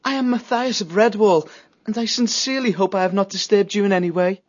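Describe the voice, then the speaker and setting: A man's voice: high-pitched, fairly quick, dull audio, pitched above the performer's own voice. A man narrating a storybook and voicing a young male mouse who talks politely and earnestly.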